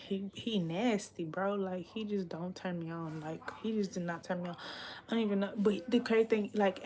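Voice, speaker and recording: A woman's voice: mid-range voice, a little mellow, a little hiss or hum. A young adult woman chatting casually on a livestream, blunt and profane, rambling and sometimes dropping into a whisper. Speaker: livestream host. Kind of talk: casual confessional livestream chat.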